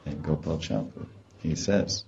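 A man's voice: extremely low pitch, unhurried, gravelly, roomy sound, muffled recording. A man giving a devotional lecture, telling stories with animation and acting out quoted voices. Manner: animated storytelling, acts out quoted voices with laughter. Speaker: spiritual teacher.

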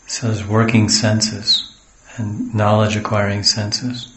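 A man with a fairly low voice tells a sacred story as a sermon. He drifts into homely side stories and acts out the speakers. The room around him rings with echo. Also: little pitch movement, takes it slowly, background noise. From the West. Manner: digressive, homely asides, acts out quotes. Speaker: spiritual teacher.

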